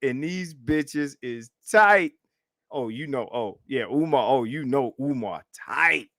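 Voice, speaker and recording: A man hosting a live stream, reacting to clips in a profane, animated, repetitive way and laughing often. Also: medium pitch, slow, no room sound, studio quality. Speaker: livestream host.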